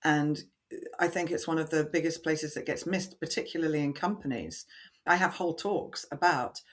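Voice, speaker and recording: Expressive woman voice coach. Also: sits low, moderate pace. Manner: expressive, animated, acts out quoted lines. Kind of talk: podcast interview answers.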